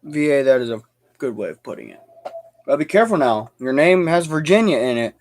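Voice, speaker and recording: A man's voice: medium pitch, very animated, fairly quick, slight background noise. A young man hosting a livestream, ranting heatedly with lots of stumbling restarts. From United States. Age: young adult. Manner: fired-up, repetitive, stumbling restarts. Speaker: livestream host.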